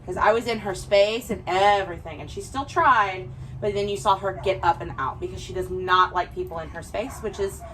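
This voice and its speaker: A young woman dog trainer, explaining her session in a calm, soft-spoken way between gentle praise for the dogs. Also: medium pitch, fairly quick, slight background noise, low-quality recording.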